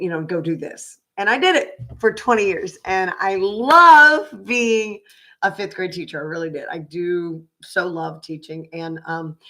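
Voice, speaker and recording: A woman's voice: on the low side, a bit bright. An older woman from Oklahoma, a psychic reader chatting casually on a livestream, rambling with fillers and restarts.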